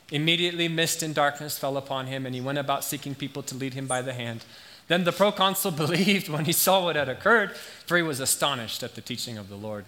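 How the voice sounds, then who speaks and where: A man's voice: on the high side, bright, forceful tone. A man preaching a casual, joking sermon as a visiting missionary, with friendly, self-deprecating banter with the congregation. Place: church sanctuary.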